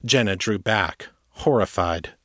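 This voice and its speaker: A man narrating an audiobook story in an even, measured way. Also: fairly low pitch, dry recording, clean studio sound. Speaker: author and narrator.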